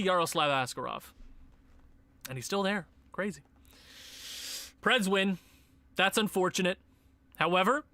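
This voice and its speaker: Young male gaming commentator, excitable, bright lively voice, dry close mic. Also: high-pitched, dry recording. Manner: excitable, swings from muttering to shouting. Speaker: gaming YouTuber. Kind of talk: casual game commentary.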